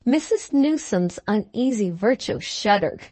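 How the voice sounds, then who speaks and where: A woman narrating a classic short story in a measured, expressive way. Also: medium pitch, no room sound. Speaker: audiobook narrator.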